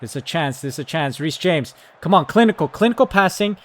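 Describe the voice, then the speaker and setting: A man giving excited live commentary on his football management game, yelling at his players, then calmly talking through tactics. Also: on the high side, a little fast. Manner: excitable, shouts at the team, then calm tactical talk. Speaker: gaming YouTuber.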